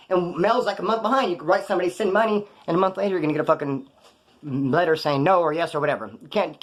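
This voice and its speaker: A man's voice: sits high, fairly bright tone. A man casually recounting his prison days in slangy, profane street talk, rambling and correcting himself as he goes. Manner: loose, digressive, corrects himself mid-story. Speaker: former prisoner telling stories. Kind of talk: casual storytelling monologue.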